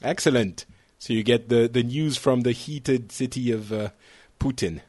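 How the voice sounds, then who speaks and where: A man's voice: mid-range voice, measured pace, darkish tone, slightly rough, no room sound. A man from France, hosting a casual podcast chat, joking and often correcting himself mid-sentence. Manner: rambling, self-correcting, joking. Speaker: podcast host.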